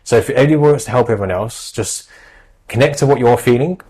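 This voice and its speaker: A man talks quickly and earnestly, offering reassuring advice on anxiety in a podcast chat. His voice sits at a medium pitch, and he leans on fillers as he goes. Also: darkish tone, slight background noise, rough recording.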